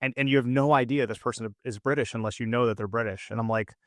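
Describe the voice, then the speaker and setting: A man's voice: medium pitch, fairly even intonation, fast, no echo, clean studio sound. An American man co-hosting a podcast, chatting casually and rambling with lots of fillers and restarts. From United States. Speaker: podcast co-host. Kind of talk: casual chat.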